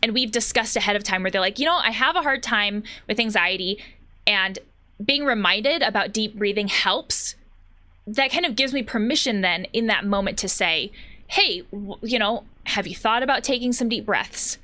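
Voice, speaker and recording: A woman's voice: mid-range voice, lively intonation, normal speed, pushed and bright. A woman therapist chatting casually about anxiety while playing a video game, thoughtful and chatty, with many fillers and restarts. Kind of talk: casual commentary while gaming.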